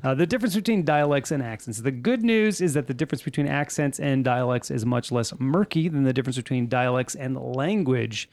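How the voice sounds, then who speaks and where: Gravelly-voiced man hosting a podcast. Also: mid-range voice, brisk, few pauses, darkish tone, no room sound. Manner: reads notes aloud, wry asides. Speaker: podcast host. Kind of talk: casual chat.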